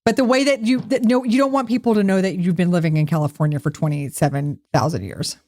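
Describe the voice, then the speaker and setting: A woman's voice: fairly low pitch, fast, a little mellow. A woman co-hosting a podcast in casual chat, full of teasing, bossy banter. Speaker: podcast co-host.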